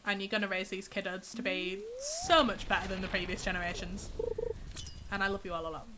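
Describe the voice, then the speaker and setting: A woman's voice: mid-range voice, noisy background. A young woman with a cold, chatting casually with her viewers on a live game stream and answering their messages. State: has a cold, congested. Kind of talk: casual live-stream chat while gaming.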